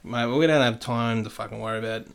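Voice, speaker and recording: A man's voice: mid-range voice, fast, creaky, clean tone. An Australian man chatting on a podcast. He is blunt, swears a lot and drops "mate" into nearly every sentence. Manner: blunt, swears freely, keeps saying "mate". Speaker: podcast guest. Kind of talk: casual chat.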